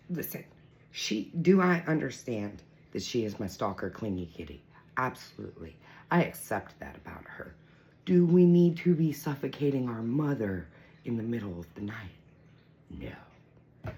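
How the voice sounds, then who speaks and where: A young woman chatting casually in her home kitchen for a morning coffee vlog, playful and talkative, cooing at her cat now and then. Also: very deep voice. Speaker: vlogger. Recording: noisy home kitchen recording.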